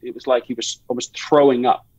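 A man's voice: medium pitch, flat delivery, a little fast, darkish tone, no echo, low-quality recording. A man talking as a guest in a podcast interview, rambling through an anecdote with many restarts and fillers. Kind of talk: conversational interview.

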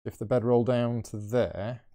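In a level, mellow voice of medium pitch, a board game channel host plays solo live at a measured pace. He talks casually and reasons aloud while shifting his pieces.

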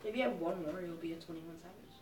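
A woman's voice: lowish voice, fast, echoey room, distant mic, loud music behind the voice. A woman hosting a casual gameplay video, chatty and giggly, rambling with fillers. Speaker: gaming channel host.

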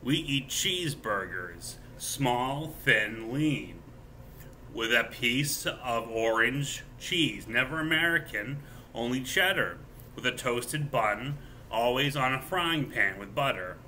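Slow, sharp-voiced man rambling. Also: mid-range voice, expressive, a little hiss or hum. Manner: halting, with many filler pauses. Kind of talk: rambling solo monologue.

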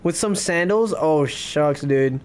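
A man streaming a game, chatting excitably and casually with his viewers in slang. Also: on the high side, slow pace. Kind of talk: casual livestream gaming chat.

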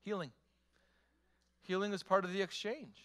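A man's voice: high voice, steady tone, normal speed, fairly bright tone. A male pastor preaching a sermon, emphatic, repeating phrases and asking the congregation rhetorical questions.

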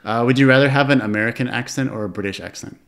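A man's voice: mid-range voice, racing, gravelly, fairly bright tone. Male podcast host, list-reading interviewer, easygoing. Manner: reading numbered questions, brief friendly replies. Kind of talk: casual interview questions.

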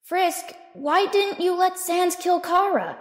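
A woman's voice: very high voice, very animated, slow pace, heavily acted. A woman voicing a puzzled young comic character in a fan dub, asking questions. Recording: echoey reverberant room.

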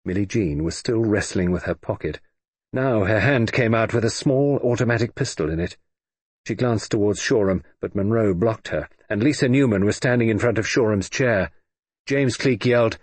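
A man narrating an audiobook in a scripted, expressive reading. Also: fairly low pitch, moderate pace, husky, dry recording.

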